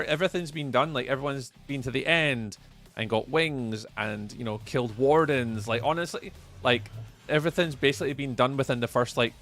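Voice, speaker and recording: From Scotland, the livestreamer keeps up friendly commentary on the game he's playing while replying out loud to his chat. He has a medium-pitched voice that comes across a bit bright.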